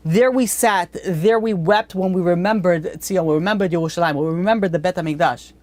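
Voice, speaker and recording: A woman's voice: lowish voice, brisk, darkish tone, no echo. A woman giving a religious lesson in a blunt, conversational way, with frequent restarts. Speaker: Torah teacher.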